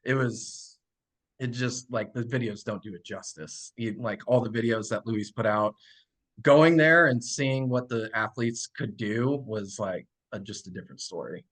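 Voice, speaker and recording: A man's voice: medium pitch, unhurried. A man in his thirties, a podcast guest and strength coach, telling stories casually with lots of fillers. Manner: relaxed, many fillers, laughs while telling stories. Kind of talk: casual storytelling.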